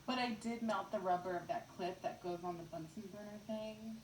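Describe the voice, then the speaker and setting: A woman student chatting excitedly in a chemistry class, telling a story in broken fragments. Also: mid-range voice, moderate pace, slight background noise, poor audio. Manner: excitable, tells stories in fragments. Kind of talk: casual classroom chat.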